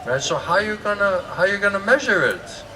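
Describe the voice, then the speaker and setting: A man's voice: sits high, very animated, brisk, pushed and bright. A man, a monk, giving a morning scripture class in a chatty, joking sermon style. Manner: joking, chatty, laughs often. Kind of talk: conversational sermon. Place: temple class in India. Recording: distant mic with noisy ambience.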